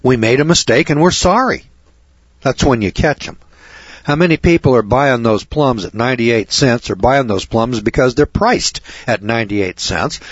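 A husky-voiced man spins a rambling, indignant monologue on air. His voice comes through dry and close, on a dull lo-fi recording. He circles back, repeats himself and keeps talking at the listener. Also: medium pitch, dry recording. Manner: indignant, repetitive, conversational.

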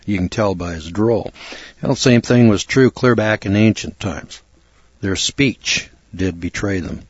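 A man from the United States teaching a Bible lesson in a measured, deliberate way, now and then clearing his throat. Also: fairly low pitch, no room sound. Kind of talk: explanatory Bible lecture. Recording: dull, dry recording.

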